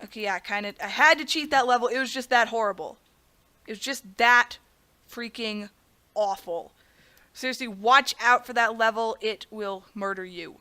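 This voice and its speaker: A woman's voice: fairly high pitch, moderate pace, sharp tone. A young woman hosting a let's play, narrating her gameplay with melodramatic, self-mocking complaints and talking to her viewers as "guys". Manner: talks to the audience as "guys". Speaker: gaming channel host.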